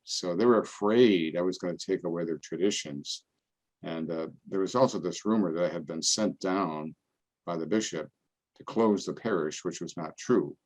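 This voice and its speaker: An older man, a priest, giving a relaxed, conversational talk full of homely anecdotes and playful voices for the people in them. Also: low voice, moderate pace. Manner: folksy storytelling, acts out other people's voices. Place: parish event, indoors.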